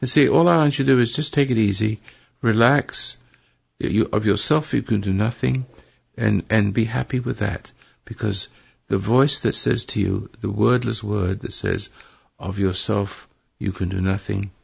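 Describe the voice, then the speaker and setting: An older male radio host with a very gravelly, husky voice rambles through spiritual advice to a caller. He talks in a preachy way and keeps correcting himself. The broadcast sounds dull and lo-fi. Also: lowish voice, normal speed. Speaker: radio talk show host. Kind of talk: advice to a caller on a call-in show.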